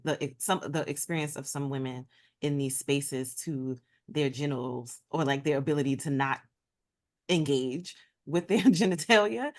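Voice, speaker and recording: A woman takes part in a casual conversation with a slightly low voice. She thinks aloud, halting and restarting as she goes. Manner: thoughtful, halting. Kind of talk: casual podcast chat.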